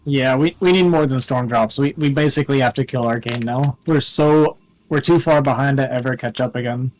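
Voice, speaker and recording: A man co-casting a match, clearing his throat as his voice gives out. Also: medium pitch, a little fast, poor audio. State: losing his voice. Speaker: co-caster. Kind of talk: casual commentary chat.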